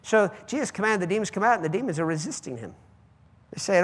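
Sex: man. Role: pastor. Style: fiery sermon. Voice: very high for a man. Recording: long church-hall reverb. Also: lively intonation, fast talker. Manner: preaching with sudden loud, high outbursts and quieter asides. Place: church sanctuary.

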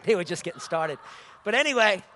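A man preaching a lively sermon, laughing often and calling out hallelujah. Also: high-pitched, brisk, slight background noise.

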